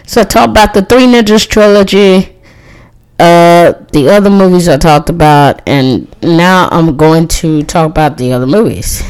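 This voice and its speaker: A woman's voice: on the low side, measured pace, darkish tone, smooth, poor audio. A woman in her thirties chatting casually as host, reviewing movies in a rambling, friendly way and laughing often. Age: 30s. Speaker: podcast host.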